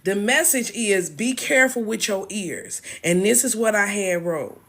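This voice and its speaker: A woman's voice: medium pitch, expressive, measured pace, a bit bright. Emotional woman preaching on a live stream. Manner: earnest and emotional, preachy, repeats herself, greets viewers. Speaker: TikTok live host sharing a spiritual message. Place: at home, moving around indoors. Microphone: phone.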